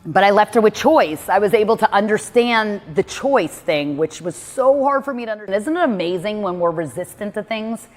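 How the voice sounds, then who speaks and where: A woman's voice: medium pitch, expressive, moderate pace, few pauses, long reverb tail. A woman giving candid one-on-one advice in a blunt, emphatic way, swearing freely. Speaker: personal growth speaker coaching a listener.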